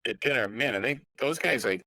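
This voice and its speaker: A man's voice: mid-range voice, animated, brisk, sharp tone, no echo, low-quality recording. A man in his sixties, a guest musician in a casual podcast interview, telling rambling anecdotes full of asides.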